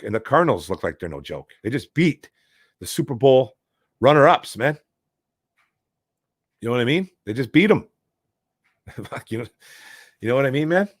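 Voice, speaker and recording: Michigan sports talk host, frustrated rambling delivery, dry close sound. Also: male voice, mid-range voice, dry recording. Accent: Detroit, Michigan. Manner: frustrated, rambling, calls listeners bro and man. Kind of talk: casual sports talk, reading chat questions.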